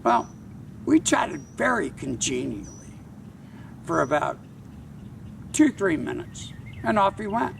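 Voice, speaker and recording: An older man tells a wry anecdote slowly and with care. His gravelly voice swings widely in pitch. He was recorded outdoors from a distance, with faint background noise. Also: very animated. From Charleston, South Carolina. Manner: wry, measured. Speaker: tour guide and author. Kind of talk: anecdotal storytelling to camera.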